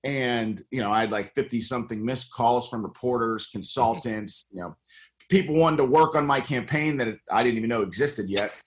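A middle-aged man from the United States talks through a casual interview, earnest and full of stops and restarts. His voice sits at an ordinary, middle pitch. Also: a little fast. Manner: earnest, many fillers and restarts. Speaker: congressional candidate and guest.

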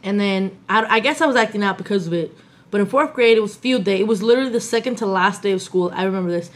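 A woman with a slight New York accent, co-hosting a casual podcast chat, animated and swearing freely. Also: mid-range voice, fast. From Tampa, Florida. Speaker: podcast co-host.

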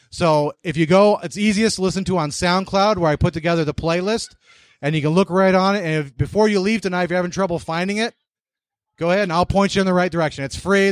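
A man's voice: sits high, no room sound. A man hosting an investors' meeting in a big room, blunt and joking as he bosses the crowd through a handheld mic. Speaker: meeting host. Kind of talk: brash meeting emcee.

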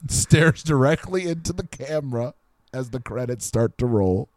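A man's voice: medium pitch, expressive, moderate pace, darkish tone, dry recording. A man co-hosting a comedy podcast who spins playful, absurd stories. His voice rises and falls freely as he riffs. It is recorded close and dry. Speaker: podcast co-host. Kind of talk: improvised comedy chat.

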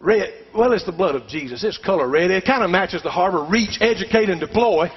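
Middle-aged pastor, very high male voice, emphatic call-and-response preaching, muffled church recording with long reverb. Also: expressive, fairly quick, hardly any pauses, breathy edge. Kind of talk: sermon. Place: church sanctuary.

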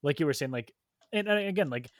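An easygoing man chatting on a podcast, his voice sitting a little high for a man. He talks loosely with lots of fillers, and the sound is dry and close. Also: lively intonation, quick pace, no echo. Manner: easygoing, heavy use of "like". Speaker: podcast guest co-host. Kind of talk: casual chat.

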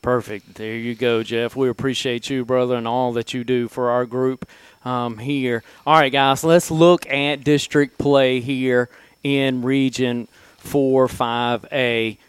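Easygoing male host of a sports talk show, smooth voice, dry close sound. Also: mid-range voice, flat delivery, takes it slowly, dry recording. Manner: easygoing, leading the discussion.

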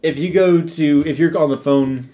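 Dude on a podcast, laid back, rambles and laughs a lot. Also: male voice, a little high, moderate pace, mellow. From United States. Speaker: podcast co-host. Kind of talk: casual chat.

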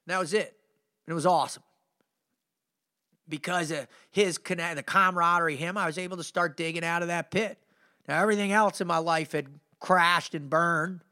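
A middle-aged man with a fairly high, brisk voice hosts a podcast, recounting his story as a motivational speaker. He's intense, emphatic and energetic, speaking informally and peppering his talk with "man" and "you know."

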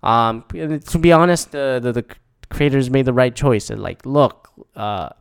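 Male movie reviewer, casual rant, smooth clear voice, swears freely, riffs on his own reactions. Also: mid-range voice, unhurried. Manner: profane, rambling, animated, mock-quoting his own reactions.

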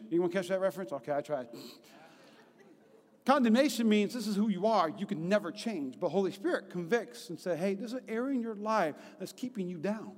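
Man, 30s, pastor, sermon, high voice, lively and conversational, long hall reverb. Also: a little fast. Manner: lively and conversational, often asking the congregation "right?". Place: church hall.

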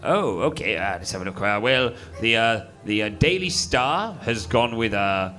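A man's voice: on the low side, animated, normal speed, sharp tone. A man playing a dim-witted, bumbling newspaper man who hesitates and fumbles, in an improvised comedy.

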